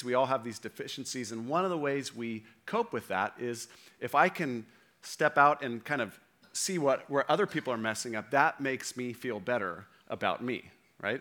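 Male pastor, bright voice, casual sermon, keeps asking "right?". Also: mid-range voice. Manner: conversational, with frequent "right?" checks to the audience.

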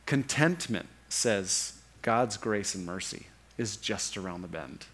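A man preaching a sermon as pastor, earnest, often slowing down and dropping softer to press a point. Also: fairly low pitch, expressive. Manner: earnest, slows and softens for emphasis.

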